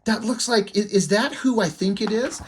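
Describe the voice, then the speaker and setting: A man voicing a shaken young woman warrior, raising his pitch for urgent reports in a husky voice. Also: moderate pace.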